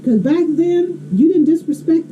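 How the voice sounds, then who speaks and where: A woman's voice: very high voice, animated, moderate pace, mellow. A woman telling a story in a blunt, emphatic way, laughing often. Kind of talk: casual storytelling. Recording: slightly dull, faint hiss.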